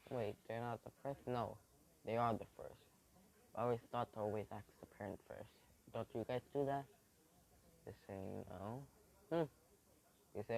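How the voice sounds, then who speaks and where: A man's voice: on the low side, steady tone, normal speed, gravelly, darkish tone, low-quality recording. Man rambling through an improvised fan story. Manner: rambling, thinking aloud with fillers and restarts.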